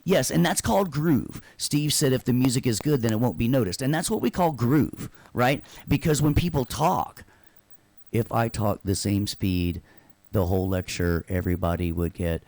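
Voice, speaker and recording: A man's voice: mid-range voice, normal speed, darkish tone, dry recording. Dry-voiced man teaching a casual class. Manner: checks in with frequent "right?" tag questions; loose and joking, with sarcastic asides. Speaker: instructor. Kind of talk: casual online class lecture.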